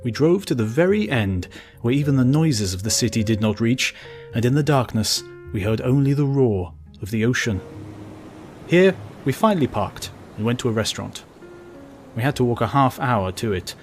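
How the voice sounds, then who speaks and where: A man reading a travel story aloud as an audiobook narrator, measured and steady. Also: medium pitch, faint music behind. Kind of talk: scripted narration.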